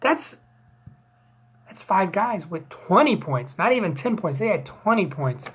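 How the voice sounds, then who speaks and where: A woman's voice: medium pitch, big pitch swings, unhurried, husky. A woman hosting a fantasy football league recap, rambling and joking with crude asides and plenty of fillers. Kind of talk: casual joking sports recap.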